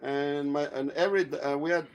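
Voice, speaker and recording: A man hosting a casual livestream chat, swearing a lot and telling stories with animated energy. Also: on the high side, brisk, clean tone. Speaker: livestream host.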